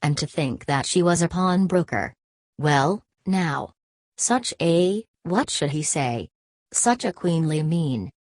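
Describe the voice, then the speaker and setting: A woman reading a classic novel aloud as an audiobook narrator, in a measured, even delivery. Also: low voice, dry recording. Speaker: audiobook reader. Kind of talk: scripted literary narration.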